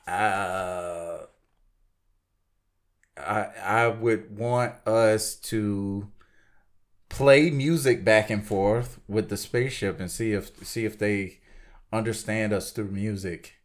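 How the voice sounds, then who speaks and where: A man's voice: lowish voice, slow pace. A man co-hosting a casual podcast, hesitant and laughing easily. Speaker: podcast co-host. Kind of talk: casual chat.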